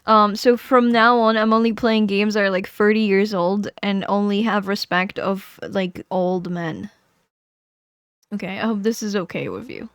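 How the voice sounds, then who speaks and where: A woman streamer talks casually into her microphone and rambles from one thought to the next. She giggles often and keeps correcting herself mid-sentence. Her voice is smooth and clear, recorded dry, with a mid-range pitch. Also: normal speed, dry recording. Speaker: live streamer. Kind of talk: casual livestream chat.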